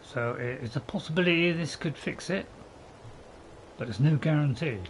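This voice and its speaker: A man with a voice on the high side chats casually at normal speed while streaming a game, rambling and restarting sentences in an easygoing way. The rough recording has constant cricket and insect noise behind him.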